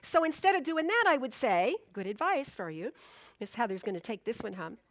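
A middle-aged woman minister preaching with a high, light voice. She talks to the congregation in a relaxed, storytelling way. Her sound is close and dry, with no room echo. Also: a little fast. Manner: conversational, storytelling with acted-out asides. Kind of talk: sermon.

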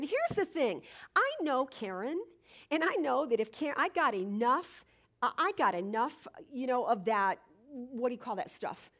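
A woman with a high voice gives an unhurried spiritual talk. She speaks slowly, and her pitch swings widely as she acts out everyday stories. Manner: animated storytelling, acts out moments.

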